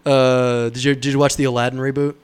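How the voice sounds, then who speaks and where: A man's voice: medium pitch, level tone, a little fast, smooth. Casual rambling man chatting about movies. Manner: rambling, laughing, mimics voices in quotes.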